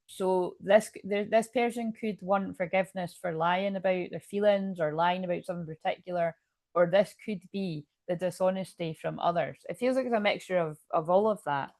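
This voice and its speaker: A woman's voice: lowish voice, normal speed, a little mellow, no echo, clean studio sound. A woman doing a casual tarot card reading to camera, chatty and rambling, often interrupting herself with asides.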